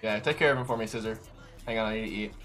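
A man streaming a video game, chatting casually, swearing, laughing and yelling in bursts. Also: fairly low pitch, rapid-fire, faint music behind. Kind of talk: casual gaming banter.

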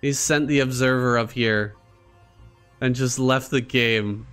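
A man giving casual commentary over his own strategy game match, excitable and crude, swearing and mocking his opponent with frequent laughter. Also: medium pitch, measured pace, clear, resonant tone, faint music behind. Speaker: gaming streamer.

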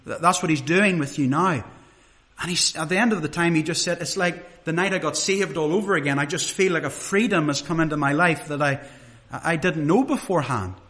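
A man's voice: a little high, a little fast, a bit bright. A middle-aged man preaching a sermon in a conversational, earnest way, asking the congregation rhetorical questions.

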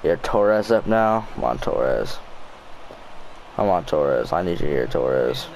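Gravelly, slow-talking frustrated young gamer guy. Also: very deep voice, lively intonation, a little mellow, rough recording. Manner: frustrated, swears a lot, mutters to himself. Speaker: gaming YouTuber. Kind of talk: casual gameplay commentary.

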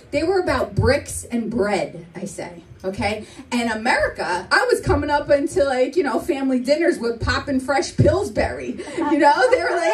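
A woman's voice: high-pitched, moderate pace, distant mic, a crowd in the background. A middle-aged woman doing a stand-up comedy set, brash and profane, acting out her family in the telling. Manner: animated, brash, profane, acts out family members. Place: comedy club stage. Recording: live club, mic heard from afar, audience laughter. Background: audience laughter.

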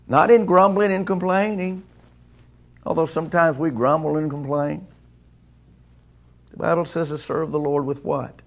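A man's voice: on the high side, steady tone, normal speed, pauses often. A man preaching a sermon in a church, in a conversational way that keeps asking the congregation questions. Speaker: pastor. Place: church sanctuary.

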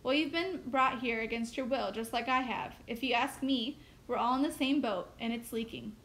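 A woman's voice: fairly high pitch, moderate pace, fairly bright tone, natural voice. Woman reading as a sulky nine-year-old boy. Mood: indignant. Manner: indignant, complaining.

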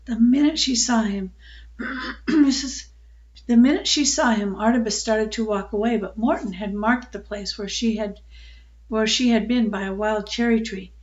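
An older woman reads a children's book aloud in a calm, unhurried storyteller's way, with the odd small slip. Her voice sits slightly high, and the recording is dull and lo-fi.

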